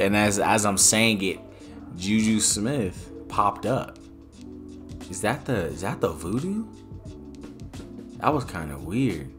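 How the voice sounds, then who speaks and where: A man's voice: on the low side, a little slow, fairly bright tone, soft background music. A young man commenting on a game pack opening, rambling and joking, with slang and exasperated outbursts. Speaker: gaming YouTuber.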